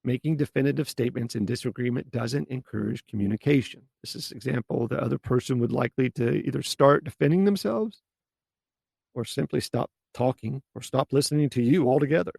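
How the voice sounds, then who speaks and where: A man hosts a solo coaching podcast and speaks in a blunt, casual way. His voice is deeply gravelly and husky. The recording is dry and close. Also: brisk, darkish tone, no echo. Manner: blunt, casual, mild swearing. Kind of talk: solo podcast advice talk.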